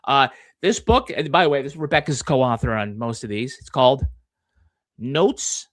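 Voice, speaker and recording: A man's voice: mid-range voice, animated, normal speed, dry recording. A man from Massachusetts with a Boston accent, a guest author in casual podcast conversation who tells stories at length and plays along with teasing.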